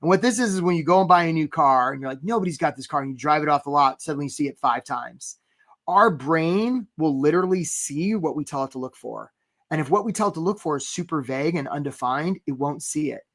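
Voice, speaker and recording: A man coaching job seekers in a live webinar, animated and talking straight to viewers by name, acting out little scenes in quoted voices. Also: on the high side, fairly quick. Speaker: career coach.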